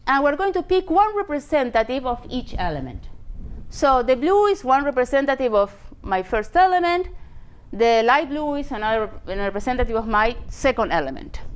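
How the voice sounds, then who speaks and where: A woman's voice: high voice, very animated, normal speed, smooth. A woman giving a math lecture in a lecture hall. She explains step by step, with lots of "you know".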